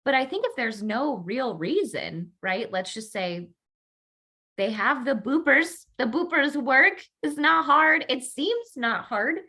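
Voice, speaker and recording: A woman with a fairly high, bright, sharp voice speaks as a podcast guest. She chats in an animated way and jokes as she talks. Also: slow, husky. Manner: animated, joking. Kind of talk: casual chat.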